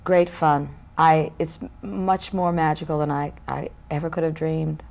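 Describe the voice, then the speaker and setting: Low-voiced woman in her thirties, interview guest, musing and self-interrupting. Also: little pitch movement, measured pace, gravelly, darkish tone. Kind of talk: casual interview talk.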